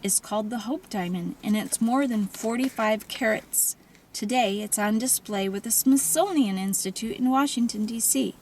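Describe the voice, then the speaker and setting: A woman voicing a smooth, confident middle-aged man who lectures with easy charm, in an audiobook reading. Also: on the high side, normal speed, darkish tone, a little hiss or hum, close to an everyday voice. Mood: admiring.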